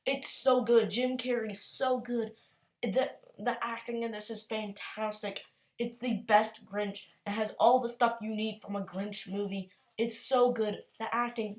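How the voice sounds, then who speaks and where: A woman chatting casually as a YouTuber, gushing and excitable, rambling along with quick apologies. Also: medium pitch. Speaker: YouTuber ranking movies. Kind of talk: casual tier-list chat.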